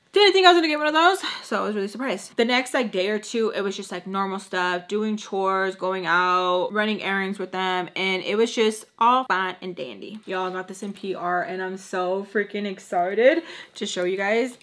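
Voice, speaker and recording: Young woman, casual storytime vlogger, chatty, acts out quotes, mid pitch. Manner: chatty, acts out quotes with lively voice swings, says "like" a lot. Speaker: beauty vlogger telling a storytime.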